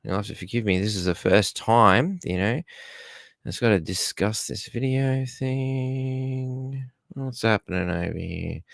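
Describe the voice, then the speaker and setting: A man's voice: fairly low pitch, vocal fry, fairly bright tone, no room sound, studio quality. An Australian man hosting a casual live stream from home, chatting loosely and greeting viewers by name. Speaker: livestream host.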